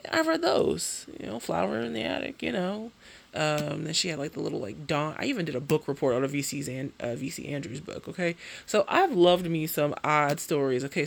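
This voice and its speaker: A woman in her thirties talks straight to her camera in a loose, chatty vlog. Her pitch swings widely as she rants and jokes. A gravelly fry runs under her voice. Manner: chatty, animated and ranting, peppered with "okay?". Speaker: beauty vlogger. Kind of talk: casual chat.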